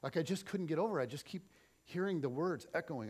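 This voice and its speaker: Middle-aged guy preaching at church, kinda high voice, goes loud then real quiet. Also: quick pace, husky. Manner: animated, swings between loud and soft. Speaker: pastor. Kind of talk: sermon with personal storytelling.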